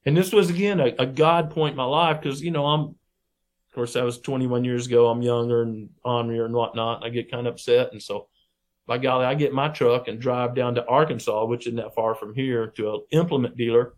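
Middle-aged man, folksy interview guest, animated storyteller who acts out the people he quotes. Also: medium pitch, brisk. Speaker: podcast guest, wildlife researcher.

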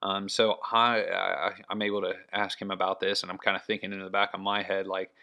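A man's voice: low-pitched, little pitch movement, a little fast, vocal fry, few pauses, lo-fi sound. A man talking casually on his own about scouting deer, rambling with many fillers and restarts. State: has the hiccups. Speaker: hunting podcast host. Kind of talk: casual solo talk.

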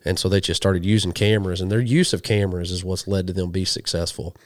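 A man from western Oklahoma, a hunting show guest, telling animated stories in a casual interview and quoting people as he goes. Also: low-pitched, fast, dry recording. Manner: animated storyteller, quotes people in dialogue.

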